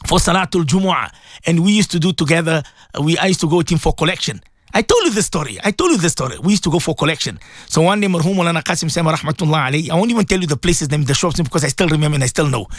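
A man preaching on the radio with a high, very animated voice that leaps between low solemn tones and sharp high exclamations. He repeats his points with fervent emphasis. The sound is dry and close. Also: no echo. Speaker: radio presenter giving Islamic advice. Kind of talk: impassioned radio sermon.

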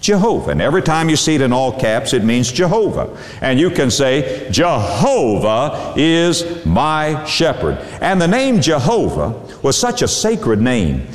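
Man, sermon, lively swooping pitch, dramatic drawn-out emphasis, echoey church hall. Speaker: preacher. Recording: echoey hall with long reverb.

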